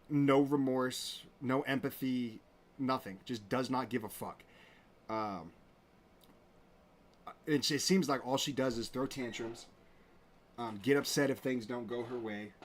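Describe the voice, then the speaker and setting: A man's voice: medium pitch, slight background noise. Indignant man hosting a casual commentary show. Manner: casual and indignant, with many fillers and restarts. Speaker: host. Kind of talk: casual commentary reading out messages.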